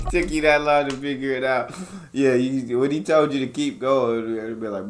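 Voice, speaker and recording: An American man hosting a reaction video, commenting in a slangy, animated, casual way. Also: medium pitch, normal speed, pauses often, faint music behind. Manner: slangy, animated, laughing retellings.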